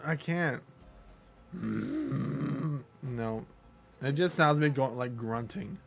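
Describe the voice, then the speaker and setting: A man's voice: medium pitch, expressive, very slow, gravelly. A man casually commenting on his live gameplay in a playful, jokey way, laughing often. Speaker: game streamer. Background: faint game music.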